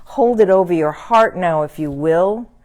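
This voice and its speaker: A woman minister leads her congregation in prayer. Her voice sits low, and she speaks at an unhurried, gentle pace. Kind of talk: church service closing and prayer.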